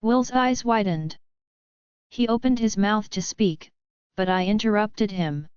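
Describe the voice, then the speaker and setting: A woman reading a romance audiobook in steady first-person narration. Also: mid-range voice, measured pace, smooth, no echo, muffled recording.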